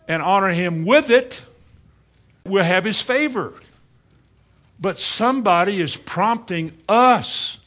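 A man preaching a sermon, asking the congregation rhetorical questions, with dry, sarcastic humor and swings between quiet asides and rising emphasis. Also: high voice.

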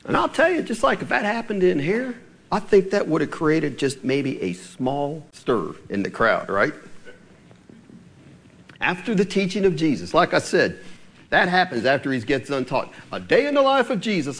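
A man preaching a sermon as pastor, telling stories and putting questions to the congregation. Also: high voice. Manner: animated storytelling with questions to the congregation. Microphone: church sermon recording.

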